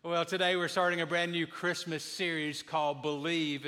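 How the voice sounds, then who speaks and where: Bright high-voiced male pastor preaching. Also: level tone, moderate pace. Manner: warm storytelling, builds to emphatic preaching. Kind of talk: sermon with jokes. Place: church sanctuary.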